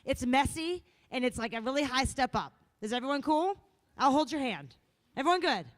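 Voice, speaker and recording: A woman's voice: high-pitched, moderate pace. A woman hosting a conference on stage, bubbly and playful, speaking into a microphone. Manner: bubbly and playful, lively delivery. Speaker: event emcee. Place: conference hall.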